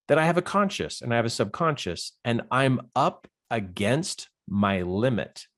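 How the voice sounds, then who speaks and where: Animated male life coach. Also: mid-range voice. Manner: animated, acts out inner voices, laughs often. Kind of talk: motivational coaching talk.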